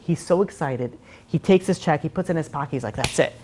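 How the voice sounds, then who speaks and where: A man, a rabbi, giving a class on faith, telling a story expressively and swinging from loud to soft. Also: a little high, fast talker, a little hiss or hum.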